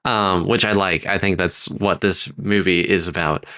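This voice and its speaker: A man's voice: low-pitched, steady tone, measured pace, sharp tone. A man co-hosting a podcast, thinking aloud through a story idea in casual chat and acting out characters' lines. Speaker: podcast co-host.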